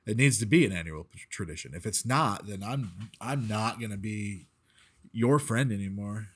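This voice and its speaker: A man guesting on a casual podcast chat, relaxed and jokey. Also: lowish voice, moderate pace, breathy edge.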